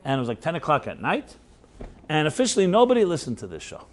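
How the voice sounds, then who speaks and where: A male rabbi telling stories at a workshop, speaking in a relaxed conversational way. He often chuckles at his own anecdotes and drops in little "right?" checks to the room. He talks loosely, with plenty of "uh"s and restarts. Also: on the high side, fast talker. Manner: anecdotal, chuckling, filler-heavy; conversational, audience tag questions. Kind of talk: storytelling workshop talk.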